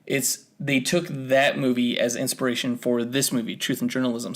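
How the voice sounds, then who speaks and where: A young man co-hosting a podcast, talking in a relaxed, conversational way and leading the topics. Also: mid-range voice. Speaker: podcast co-host. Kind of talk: casual podcast chat.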